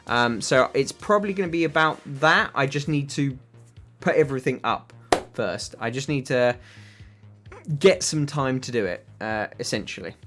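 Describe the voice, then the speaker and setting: With a medium-pitched, expressive and fairly bright voice at normal speed, the British streamer reads his chat and answers it casually, rambling and leaning heavily on fillers like um and uh. Faint music plays behind him.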